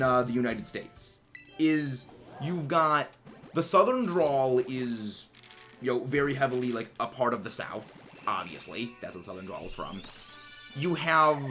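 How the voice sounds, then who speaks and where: Male streamer, casual and rambling, restarts often, animated intonation, music low in the background. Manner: rambling, musing, many fillers and restarts. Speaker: livestreamer. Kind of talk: casual chat while gaming.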